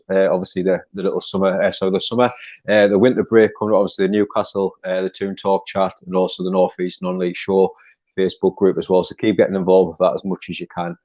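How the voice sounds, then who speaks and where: Upbeat North East English host, quick and low, dark tone, muffled recording. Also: male voice. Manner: upbeat, chatty sign-off. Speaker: channel host, interviewer. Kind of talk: casual interview chat. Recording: dull lo-fi audio.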